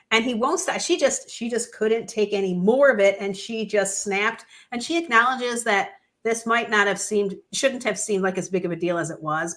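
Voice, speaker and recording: A woman's voice: mid-range voice, fairly bright tone. A woman co-hosting a casual podcast, telling the story of a show in her own words. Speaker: co-host.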